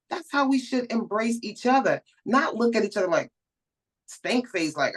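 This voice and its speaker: A woman filmmaker talking as a guest in a casual conversation, warm and affirming, often agreeing with the host. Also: mid-range voice, expressive, moderate pace, rough recording.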